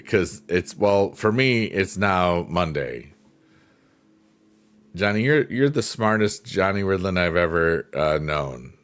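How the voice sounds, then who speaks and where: A man's voice: low voice, animated, takes it slowly, clean tone. A man hosting a casual livestream, joking, laughing often and answering chat by name. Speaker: livestream host. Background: faint piano music.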